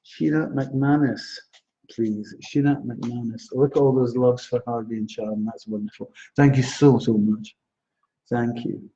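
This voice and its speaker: A chatty man doing psychic readings on a live stream, with a mellow, dark voice. He talks in a reassuring, laughing way. The sound is dull and low-fidelity. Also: steady tone, unhurried, vocal fry. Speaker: psychic astrologer.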